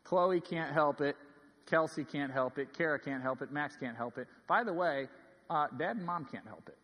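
Man, 30s, pastor preaching a sermon, high voice, earnest storytelling, loud emphasis to hushed asides, large church hall with long reverb. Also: lively intonation, moderate pace.

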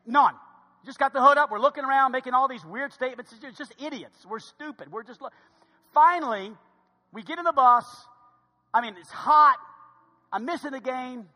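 A man's voice: very high-pitched, normal speed, bright, forceful tone. A man preaching a sermon, telling a humorous story with emphatic delivery. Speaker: pastor. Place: church sanctuary. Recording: long reverb of a large hall.

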